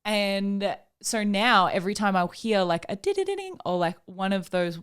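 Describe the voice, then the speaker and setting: A young woman co-hosts a podcast, telling chatty stories packed with "like" and casual swearing. Her medium-pitched voice is animated, fairly bright, and clean, at a normal speed.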